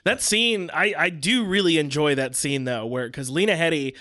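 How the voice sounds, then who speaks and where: A man's voice: fairly high pitch, normal speed, sharp tone, no room sound, studio quality. A man co-hosting a film podcast, chatting casually and enthusiastically, laughing often and swearing freely. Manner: enthusiastic, laughs a lot, profane. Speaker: podcast co-host.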